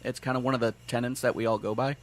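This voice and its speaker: Midwest guy, blunt and sweary, goes on explaining stuff, middle pitch. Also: little pitch movement, racing, slight background noise. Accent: Midwestern American. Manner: blunt, profane, explains at length. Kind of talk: casual podcast chat.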